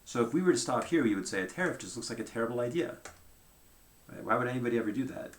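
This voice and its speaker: A man's voice: mid-range voice, expressive, racing, roomy sound. A man giving a conversational lecture at a whiteboard, thinking aloud and checking in with "right?" as he goes.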